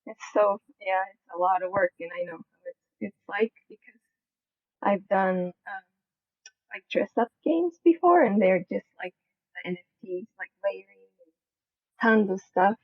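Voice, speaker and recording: A woman's voice: medium pitch, unhurried, slightly rough, dry recording, phone-quality sound. A shy, nervous woman who giggles as she gives a heartfelt thank-you in casual voice chat. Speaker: co-host.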